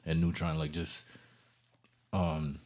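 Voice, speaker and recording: A man's voice: rumbling low, monotone, slow, over a noisy crowd. A man co-hosting a podcast, chatting casually and joking, with a loose, hesitant way of speaking. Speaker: podcast co-host. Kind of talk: casual interview chat.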